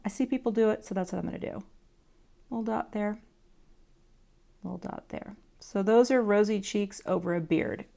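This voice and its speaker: A craft teacher with a medium-pitched, creaky voice talks through card coloring casually and chattily. She's self-deprecating and mutters to herself while she works.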